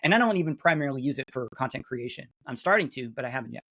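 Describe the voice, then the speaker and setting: A middle-aged man, a webinar guest speaker, casually walking through software on a shared screen, chatty and full of fillers and restarts, talking into a computer mic on a video call. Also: medium pitch, expressive, very fast. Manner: chatty, self-interrupting, many fillers.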